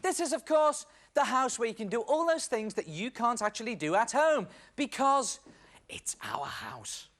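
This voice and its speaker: Animated British kids' game show host man. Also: very high voice, a little fast, few pauses. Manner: jokey, teasing, animated. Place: TV studio set.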